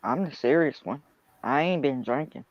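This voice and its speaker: Lively woman storyteller. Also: a bass voice, moderate pace, dry recording. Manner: lively, laughing dialect storyteller. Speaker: channel host. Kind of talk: casual storytelling on a livestream. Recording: dull lo-fi sound.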